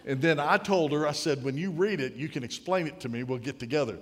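A man's voice: on the high side, fast talker. Man, late 50s, storytelling preacher, folksy and humorous, long hall reverb. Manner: folksy, anecdotal, builds to punchlines. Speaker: speaker at a podium. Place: large hall with an audience.

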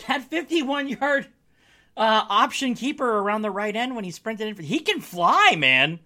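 In a casual solo sports podcast, a man jokes his way loosely through his team's latest game, wry and laughing often. His bright, forward voice swoops up and down in a sing-song way at a normal speed, and he comes across as chatty and relaxed.

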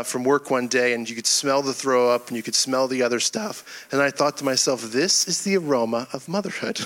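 A middle-aged male pastor from Florida delivering a sermon, telling a humorous personal story in a folksy, animated way. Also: medium pitch, smooth.

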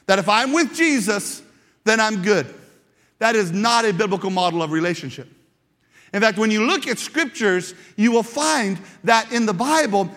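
A high-pitched man delivering a lively church sermon, often repeating words and restarting phrases as he drives his point home. His voice rings out through a large sanctuary with a long, trailing reverb. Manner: animated, repeats words, acts out quoted shouts. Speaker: pastor.

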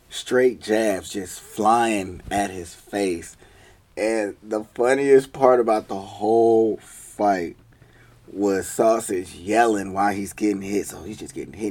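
A man's voice: lowish voice, slow pace, darkish tone. A young man telling childhood stories in a casual, slangy way, often laughing as he goes. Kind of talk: casual storytelling.

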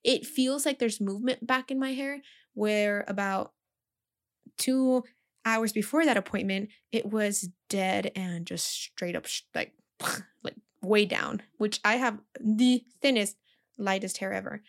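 A woman's voice: mid-range voice, a little slow. A young woman and teacher telling a chatty, casual story with lots of fillers.

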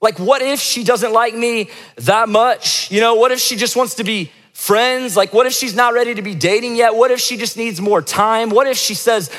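With a very high, fairly bright voice at a moderate pace, a young male pastor entertains his church with a humorous tale during the service. He keeps it light and jokey, performing each quote, while the big hall's reverb lingers long.

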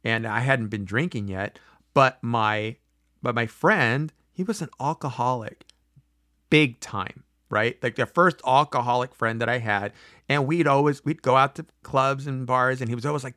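A man in his forties tells a personal story in a loose, chatty way. He acts out the other people's lines and restarts his sentences often. His voice sits at an ordinary middle pitch and sounds dry and close to the mic. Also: normal speed, dry recording. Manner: animated, acts out quoted voices, frequent fillers and restarts. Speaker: speaker telling a personal story. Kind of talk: casual storytelling monologue.

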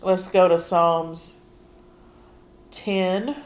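Hoarse woman preaching, slow and earnest. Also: fairly low pitch, steady tone, slight background noise. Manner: earnest, conversational, reads scripture aloud with emphasis. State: hoarse from allergies. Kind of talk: sermon.

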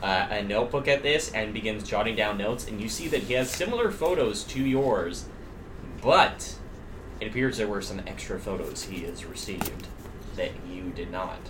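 A man narrating as game master of a tabletop horror game, describing scenes in a halting way with fillers. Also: lowish voice, background noise.

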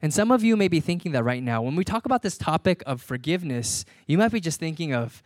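Pastor, man in his thirties, easygoing sermon delivery with repeated key lines, slightly high voice, dry sound. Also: very animated, quick pace, few pauses, a little mellow, dry recording.

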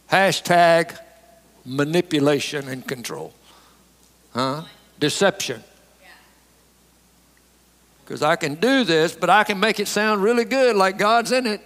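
A man's voice: takes it slowly, pauses often. Preacher man in a reverberant hall. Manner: emphatic, rises high for mocking asides and drops low and quiet in prayer. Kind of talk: sermon.

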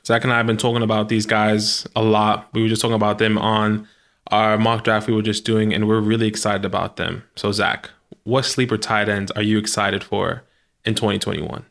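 A man's voice: on the low side, flat delivery, normal speed, creaky, a bit bright. A man co-hosting a casual fantasy football podcast, upbeat and affirming. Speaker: podcast co-host. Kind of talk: casual sports podcast chat.

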